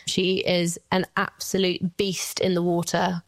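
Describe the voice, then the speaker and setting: A woman's voice: fairly low pitch, monotone, measured pace, no room sound. A woman in her thirties, a guest mother speaking candidly about her daughter, at times tearful, with light laughs. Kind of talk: emotional personal interview.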